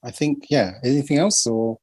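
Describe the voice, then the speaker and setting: Male podcast co-host, mid-pitched plain voice, easygoing and a bit hesitant. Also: moderate pace, a little mellow, husky. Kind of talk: casual chat.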